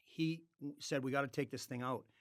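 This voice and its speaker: A man at a middle pitch for his sex, spinning a long tale in a relaxed podcast chat. He swears freely and slips into the voices of the people in his story as he goes. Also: fairly quick. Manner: animated, acts out quoted dialogue, swears freely. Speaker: podcast guest. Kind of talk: casual storytelling.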